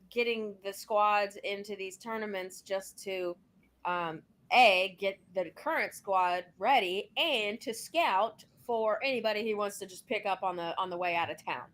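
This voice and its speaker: Co-host: woman, mid pitch, rambling chatty take with fillers. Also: fairly bright tone. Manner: rambling, hesitant with many ums. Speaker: podcast co-host. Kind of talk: casual sports chat.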